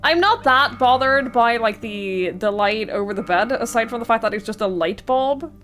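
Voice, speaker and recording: A woman's voice: fairly high pitch, lively intonation, moderate pace, a bit bright, soft background music. A woman streamer chatting casually and rambling while she plays a game.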